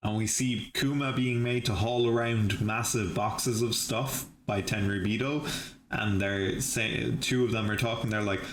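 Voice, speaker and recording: A man's voice: on the low side, steady tone, unhurried, fairly bright tone. A man hosting a live reaction, recapping and musing aloud with frequent restarts and laughs. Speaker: channel host reviewing episodes. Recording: echoey room with faint hiss.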